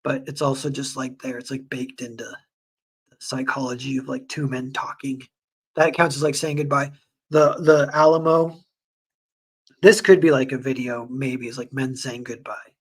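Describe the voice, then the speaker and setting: A man's voice: mid-range voice, moderate pace, husky. Rambling casual man streamer. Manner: rambling, filler-heavy, animated retellings. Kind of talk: casual livestream chat.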